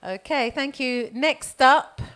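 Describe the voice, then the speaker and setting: A woman's voice: high-pitched, slow pace, a bit bright, clean tone. A woman hosting a community poetry showcase, chatty and laughing often as she brings readers up. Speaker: event host. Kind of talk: live event compering.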